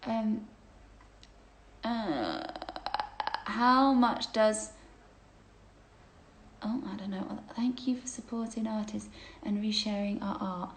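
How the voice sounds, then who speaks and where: A woman's voice: medium pitch, animated, slow pace, long pauses, echoey room, rough recording. A woman hosting a casual livestreamed chat, reading out viewer questions, gushing and chatty and laughing often.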